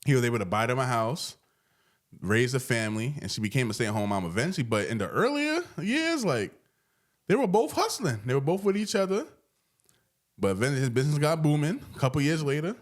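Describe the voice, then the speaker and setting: A man's voice: medium pitch, fairly quick. A man co-hosting a podcast in a casual, conversational way, telling stories and using slang. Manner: relaxed conversational, storytelling with slang. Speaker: podcast co-host. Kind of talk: casual chat.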